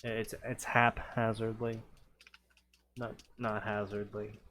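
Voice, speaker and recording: A man's voice: on the low side, flat delivery, slow pace, fairly bright tone, a little hiss or hum. A man reading fanfiction aloud and breaking off into sarcastic, nitpicking commentary, often stammering as he restarts his sentences.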